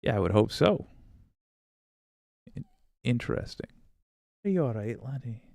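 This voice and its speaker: A man's voice: mid-range voice, animated, unhurried, gravelly, dark tone, dry recording, clean studio sound. A man hosting a political livestream, casually reading viewer comments with sarcasm, frequent swearing and laughter. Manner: rambling, sarcastic, swears freely, laughs often.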